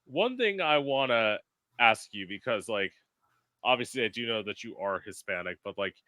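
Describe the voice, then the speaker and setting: A male podcast host chatting casually, telling animated stories and swearing freely. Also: mid-range voice, moderate pace, no room sound. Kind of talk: casual chat.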